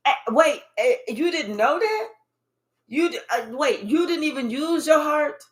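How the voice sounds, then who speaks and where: A woman's voice: high voice, expressive, a little slow. Emphatic, profane woman card reader. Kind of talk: livestream reading to viewers.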